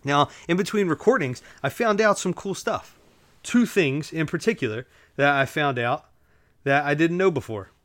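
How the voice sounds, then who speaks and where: A man's voice: fairly high pitch, animated, normal speed, fairly bright tone, no room sound. A man hosting his own solo podcast at home, chatting casually in a rambling way with lots of fillers and jokey asides to his listeners. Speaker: podcast host. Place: at home, relaxed, drinking while recording.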